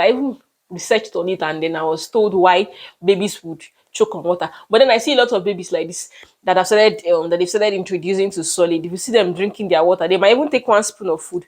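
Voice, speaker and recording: A young Nigerian woman with a Nigerian accent, telling a personal story to her vlog viewers in an emphatic way, often repeating words. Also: lowish voice. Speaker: vlogger.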